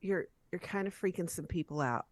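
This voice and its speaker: A woman player speaking in character during a tabletop game, answering calmly with some hesitation. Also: lowish voice, no echo, clean studio sound. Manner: calm, halting replies. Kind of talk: in-character tabletop role-play.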